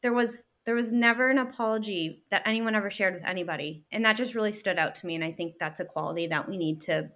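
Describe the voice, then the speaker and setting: Woman, thirties, interview guest, earnest, animated, laughs easily, mid-pitched voice. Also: fast, few pauses. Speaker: guest, working mother. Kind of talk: casual interview chat.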